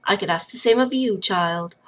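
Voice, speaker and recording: A woman's voice: medium pitch, moderate pace, lightly acted. A woman doing a stern warrior woman. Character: stern woman warrior spirit, cold and commanding.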